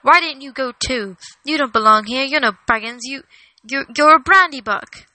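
A woman voicing a sharp-tongued, spiteful old female hobbit who sputters insults in a high voice. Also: moderate pace, no room sound, low-quality recording.

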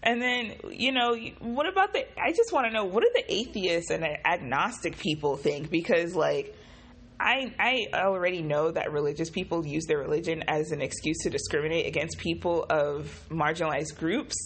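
Groggy young woman with a husky voice. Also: lowish voice, normal speed. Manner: profane, animated, exasperated ranting. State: groggy, just woke up. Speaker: vlogger. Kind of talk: casual vlog monologue.

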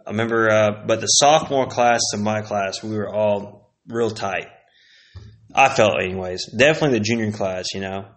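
A laid-back man hosts a casual solo podcast, reminiscing in a rambling, profane way while sipping whiskey. His voice is on the low side and a bit bright, moving at a moderate pace.

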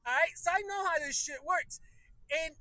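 A man's voice: very high voice, moderate pace, sharp tone, no room sound, rough recording. A man from the United States in his thirties, ranting in casual commentary, exasperated and profane, often breaking into laughter.

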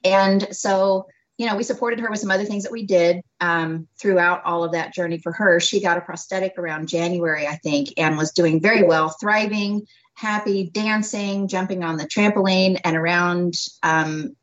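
A woman doctor tells her story as an interview guest, animated and quick to laugh, acting out each exchange. Her voice sits a little low. The recording is dull and lo-fi. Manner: animated storyteller who acts out dialogue and laughs often. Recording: dull lo-fi audio.

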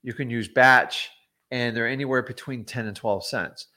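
A man's voice: mid-range voice, steady tone, moderate pace, bright, forceful tone. A middle-aged man, a real estate investor, teaching wholesaling in a casual livestream, blunt and chatty with frequent ums and asides.

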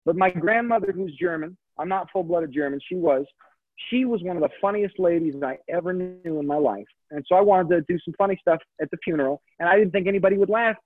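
A brisk, high-pitched male voice comes through a tinny, dry phone-like line with no echo. He's a comedian in his thirties who tells his story chattily in a casual interview, wandering off on tangents and often correcting himself.

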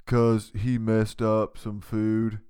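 A man voicing a nervous contestant on a cooking show, speaking low, slow and halting. Every answer defers politely to the chef. The voice stays smooth and clear. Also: monotone, mellow. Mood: hesitant. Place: home basement.

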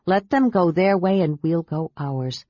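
A woman's voice: lowish voice, lively intonation, unhurried, no echo, lo-fi sound. A woman voicing a worried young knight. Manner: pleading, soft. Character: worried, gentle male knight.

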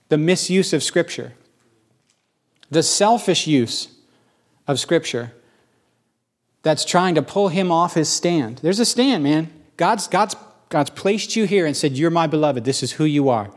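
High-voiced animated male preacher. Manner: animated, rising to high questioning bursts; slows for emphasis on key phrases. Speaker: pastor. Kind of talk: sermon.

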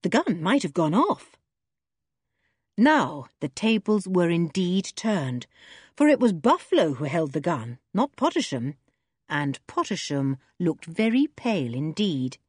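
Lively woman reading a storybook. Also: fairly low pitch, a little slow, husky, no echo, clean studio sound. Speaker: audiobook reader. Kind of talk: storybook narration.

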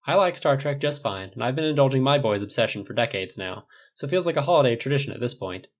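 A man's voice: mid-range voice, lively intonation, fast talker. A man voicing an earnest, gracious older mother hosting a holiday dinner, polite and prayerful, on a dull lo-fi recording. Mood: warm. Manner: polite, prayerful, directing the table.

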